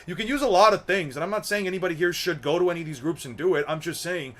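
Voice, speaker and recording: Racing along in a high-pitched, faintly bright voice, a young man who runs an anime commentary channel rants casually about his opinions. His talk wanders, repeats itself and is peppered with swearing.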